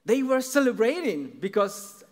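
A man preaching a sermon, speaking in a halting way with frequent restarts and fillers. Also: very high-pitched, big pitch swings. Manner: slow, halting delivery with repeated restarts and fillers.

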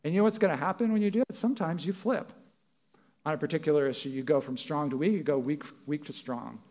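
A man's voice: a little high, fast talker, a little mellow. A male pastor preaching a sermon in a church, talking conversationally and acting out what people might say. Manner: conversational, acts out quoted voices.

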